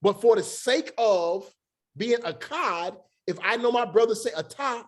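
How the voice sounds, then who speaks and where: A man teaching a Bible study in a relaxed, conversational way, with joking asides and slow, drawn-out emphasis. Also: high-pitched. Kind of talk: casual scripture teaching.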